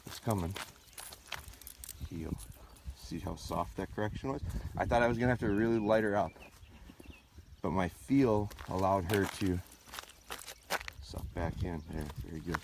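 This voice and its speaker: Low-voiced man training dogs outdoors. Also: moderate pace, long pauses, a little mellow. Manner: chatty, gives dogs short firm commands. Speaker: dog trainer. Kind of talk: live outdoor training stream. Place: outdoors on a rural farm. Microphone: phone or camera on a tripod. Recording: noisy outdoor livestream.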